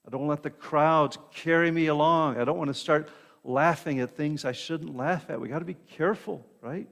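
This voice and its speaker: A man's voice: a little high, normal speed, creaky, fairly bright tone. A man preaching a sermon in a conversational way, often checking in with the congregation and repeating words as he goes. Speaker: pastor. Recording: long reverb of a hall.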